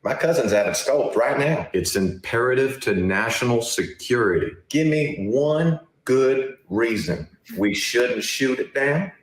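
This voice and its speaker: A man voicing a brash Southern good-ol'-boy with a gravelly South Carolina drawl, in a sketch played back in an echoey room. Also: mid-range voice, expressive, a little slow, hardly any pauses, close to an everyday voice. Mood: cocky. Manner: boastful, cocky.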